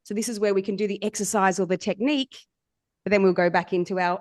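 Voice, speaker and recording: A woman's voice: medium pitch, fairly even intonation, fast, no echo, studio quality. A woman, a somatic coach guesting on a podcast, telling stories animatedly and laughing often. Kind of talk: storytelling in casual chat.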